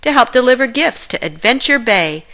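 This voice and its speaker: A woman's voice: on the high side, very animated, moderate pace, pushed and bright, voice pushed up. A woman voicing an eager young boy who leads a rescue team in a children's storybook, upbeat and commanding. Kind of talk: children's storybook read-aloud.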